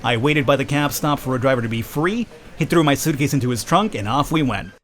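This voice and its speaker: A man's voice: medium pitch, fairly quick, fairly bright tone. A man hosting a let's play, reading a story game aloud and breaking off for joking, self-mocking asides. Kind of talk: reading a visual novel aloud with jokey asides.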